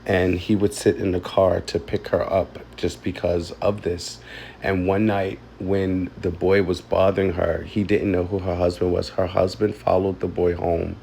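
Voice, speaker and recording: A man telling a painful personal story, halting and emotional, close to tears. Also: low voice, level tone, gravelly, warm tone, slight background noise. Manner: emotional, halting, with many ums and likes. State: tearful. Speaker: vlogger.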